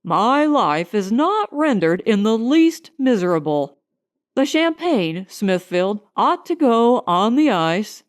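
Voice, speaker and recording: A woman reading an audiobook voices a genial young gentleman with an easygoing, hearty manner. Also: on the high side, big pitch swings, takes it slowly.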